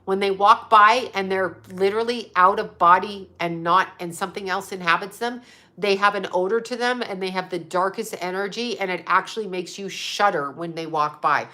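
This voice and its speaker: A woman hosts her own show in blunt, profane, agitated commentary. Her voice is bright and sharp, at a middling pitch. She talks casually and heatedly, with many fillers. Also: normal speed. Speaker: host.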